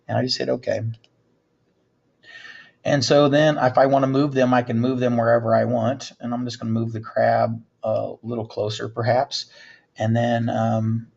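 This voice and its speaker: A man teaching a screen-recorded coding tutorial, talking through each step in a relaxed way with fillers. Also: medium pitch. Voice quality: gravelly, husky. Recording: dull lo-fi mic.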